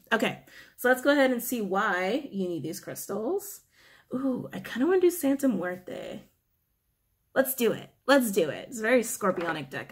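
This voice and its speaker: A woman giving a casual spoken tarot reading to her viewers, chatty and emphatic, repeating her phrases and often breaking into laughter. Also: medium pitch. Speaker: tarot reader.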